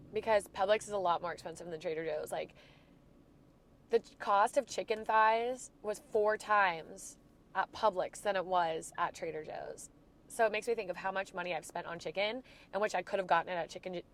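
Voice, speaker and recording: A woman in her twenties from Florida with a stuffy nose from a cold, talking through a reflective, rambling weekly diary check-in for her vlog. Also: mid-range voice. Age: 20s. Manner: reflective, rambling, soft-spoken. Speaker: vlogger.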